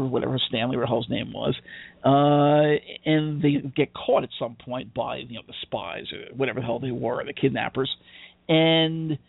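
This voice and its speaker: A man's voice: mid-range voice, creaky, husky, dry recording. A man from the United States co-hosting a podcast, talking in a rambling, profane casual chat and laughing often. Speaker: podcast co-host. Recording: dry, phone-like narrow sound.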